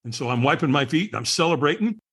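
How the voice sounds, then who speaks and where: A man's voice: a little high, lively intonation, quick pace, fairly bright tone, slightly rough. A man who is a podcast guest, telling a story with lots of energy and acting out the people he quotes. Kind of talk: animated storytelling.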